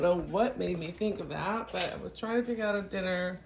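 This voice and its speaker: A woman's voice: medium pitch, a little fast, gravelly, soft background music, rough recording. A cheerful, chatty woman vlogging on a phone, partly while out on a forest walk, cooing at her dog now and then. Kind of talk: casual chatty vlog.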